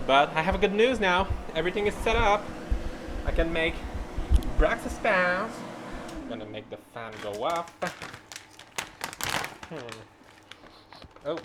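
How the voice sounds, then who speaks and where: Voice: mid-range voice, animated, measured pace, pauses often, background noise. A podcast host talking casually while cooking at home, rambling, laughing and swearing through each step. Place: home kitchen.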